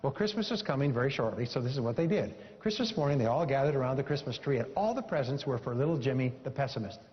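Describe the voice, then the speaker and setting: A man's voice: medium pitch, expressive, quick pace. A man speaking from a seminar stage, emphatic and repetitive, telling a story to drive home a point. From Canada. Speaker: motivational speaker. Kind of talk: seminar talk with a told joke. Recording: dull recording in a large hall.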